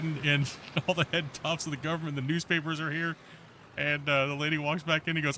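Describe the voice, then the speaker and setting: A man's voice: medium pitch, fairly quick, slight background noise. A man hosting a live stream, telling a long rambling story in casual voice chat, full of fillers and restarts. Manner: rambling, animated anecdote with many fillers. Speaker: streamer host.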